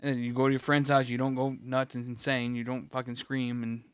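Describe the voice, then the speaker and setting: A man rants on a podcast in a rambling way, stopping and restarting his sentences and swearing often. His pitch is average. The sound is close and dry. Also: level tone, brisk, smooth, no room sound. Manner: rambling, restarts a lot, profane rant. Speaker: podcast co-host. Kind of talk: casual ranting chat.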